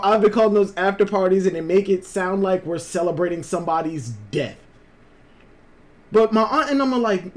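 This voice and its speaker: Swearing, rambling live-stream host. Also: medium pitch. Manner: rambling, swears freely, chats with viewers. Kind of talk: casual live-stream storytelling.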